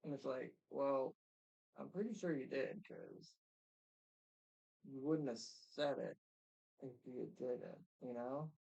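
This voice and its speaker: Slow, rambling male streamer. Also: medium pitch, fairly even intonation, creaky, darkish tone, poor audio. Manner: rambling, with many fillers and restarts. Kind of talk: casual chat while reacting to a video.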